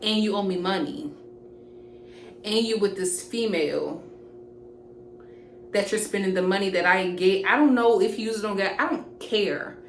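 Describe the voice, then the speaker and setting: A young woman, casually telling an animated, profane storytime to camera. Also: medium pitch, moderate pace, long pauses. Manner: animated, profane, jumps into quoted voices. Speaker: storytime vlogger. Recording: roomy echoey room with faint hiss.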